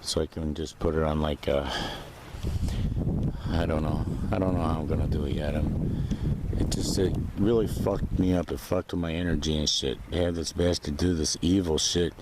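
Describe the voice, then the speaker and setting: A man's voice: extremely low pitch, steady tone, moderate pace, very noisy. A man ranting to camera in a vlog, rambling, profane and agitated. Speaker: vlogger. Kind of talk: casual rant to camera.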